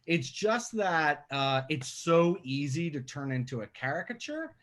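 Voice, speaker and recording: A man's voice: on the high side, measured pace. A man from Staten Island, a filmmaker guest telling stories in a casual podcast interview. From Staten Island, New York. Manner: conversational, animated when telling stories. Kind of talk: podcast interview over a call.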